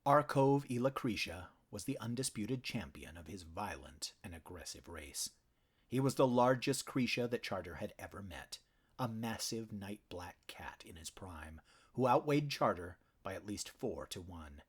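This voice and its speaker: A man narrating an animal fantasy audiobook in a measured, dramatic storytelling manner. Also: fairly low pitch, big pitch swings, breathy edge.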